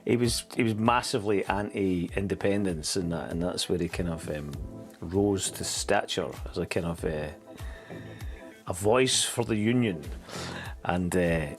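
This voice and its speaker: A man's voice: deep voice, a little slow, soft background music. A man hosting a podcast, rambling and sardonic, full of fillers and restarts. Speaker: podcast host. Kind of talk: casual commentary.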